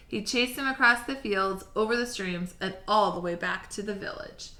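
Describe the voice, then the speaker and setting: Encouraging woman teacher, bright and roomy. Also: mid-range voice. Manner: clear, encouraging, slightly halting when speaking freely. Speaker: elementary school teacher. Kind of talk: reading a storybook aloud and giving assignments. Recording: roomy echo.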